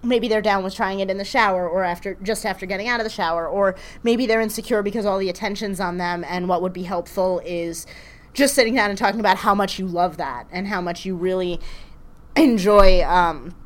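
A woman's voice: medium pitch, brisk. A young woman co-hosting a live podcast in a candid, chatty way. She laughs easily and talks frankly, her voice in the middle of a woman's range. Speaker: podcast co-host. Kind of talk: casual live podcast chat. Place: live event room.

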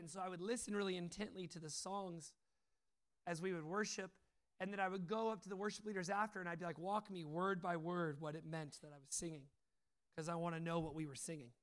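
High-voiced man preaching with stories. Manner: animated storytelling, acts out quotes, laughs often. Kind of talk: sermon with personal stories.

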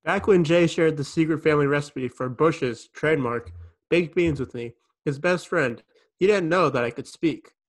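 A man's voice: fairly high pitch, normal speed, close to an everyday voice. A man speaking for a sincere talking dog. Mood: mock sincere. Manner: mock-earnest ad delivery. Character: talking male dog, the brand's mascot, in an ad.

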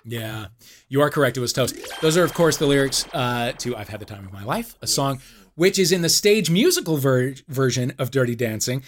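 A man hosting a comedy podcast game show, playful, with quick asides and the odd swear. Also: mid-range voice, animated, slight background noise.

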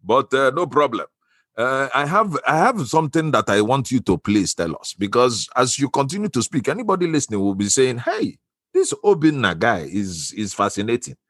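A man's voice: medium pitch, huge pitch swings, normal speed, fairly bright tone, breathy edge, dry recording, studio quality. A man hosting a podcast, jokey and teasing as he runs the chat. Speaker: podcast host. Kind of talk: casual interview talk.

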